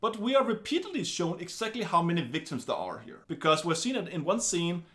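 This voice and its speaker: A man giving a casual film review in an animated, wry way, full of chatty asides. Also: sits high, fairly quick.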